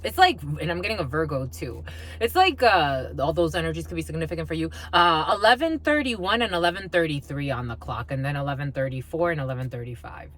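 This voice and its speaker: A woman's voice: low voice, big pitch swings, brisk, a bit bright. Blunt, chatty woman reading tarot. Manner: chatty, blunt, swears freely, laughs often. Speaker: tarot reader. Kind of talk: casual spiritual reading.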